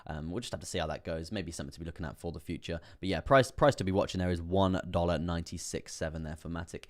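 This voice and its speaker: A man with a very deep voice hosts a relaxed live-stream about crypto trading. He rambles through charts with lots of fillers, chuckling to himself as he goes. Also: fast. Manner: chatty, rambling, laughs often, many fillers. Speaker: crypto trading livestream host. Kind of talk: casual live-stream market commentary.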